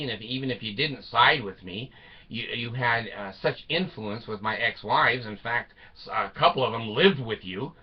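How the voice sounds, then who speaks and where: A man in his sixties talks bluntly and bitterly into the camera, swearing freely and stopping for long pauses. His voice sits at an ordinary middle pitch. The sound is a little dull and lo-fi, like a home recording. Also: slightly rough. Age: 60s. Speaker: vlogger. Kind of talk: emotional personal monologue.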